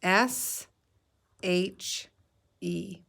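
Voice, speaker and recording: Slow, patient woman teaching reading. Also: fairly low pitch, creaky, a bit bright. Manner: slow, patient, sounds out letters and words. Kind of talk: guided reading lesson for young children.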